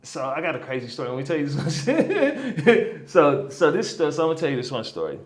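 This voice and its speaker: A man talking as a guest healer in a relaxed interview, telling a long story with lots of energy. His voice sits a little high for a man. He keeps pulling the listener in with "right?" and "you know what I'm saying?". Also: a little fast.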